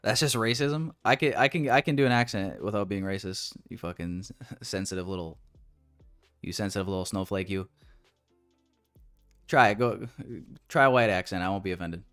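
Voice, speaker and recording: A man's voice: on the low side, moderate pace, fairly bright tone, faint music behind. A man streaming live while day trading, bantering with his chat in a joking, profane, casual way.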